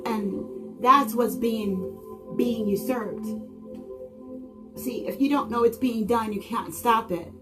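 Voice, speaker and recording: A woman with a slightly high voice delivers a spiritual monologue, firing off dramatic rhetorical questions. She swings from loud exclaiming to hushed, intimate lines. Singing bowl music rings clearly beneath her. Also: slow pace, long pauses. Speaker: channel host.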